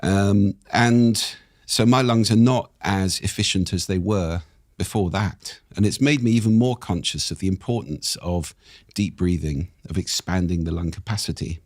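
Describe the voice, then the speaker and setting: A man speaking as a guest on a podcast, explaining ideas with an expressive, animated delivery. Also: moderate pace, dry recording, studio quality. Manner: expressive, animated delivery with wide pitch swings. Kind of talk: interview conversation.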